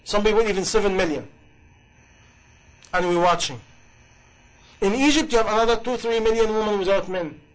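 A man's voice: high voice, moderate pace, long pauses, rough recording. A man preaching a sermon in passionate, English, with many rhetorical questions. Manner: impassioned, rhetorical questions, non-native grammar.

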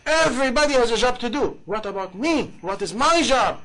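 A man's voice: very high voice, animated, a little fast, a bit bright, rough recording. A man preaching a sermon in passionate, English, with many rhetorical questions. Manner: impassioned, rhetorical questions, non-native grammar.

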